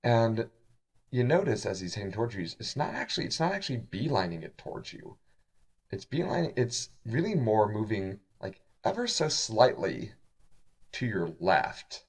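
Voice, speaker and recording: A man's voice: on the low side, sing-song, moderate pace, breathy edge. A man running a tabletop game as game master, laughing often and talking with many fillers.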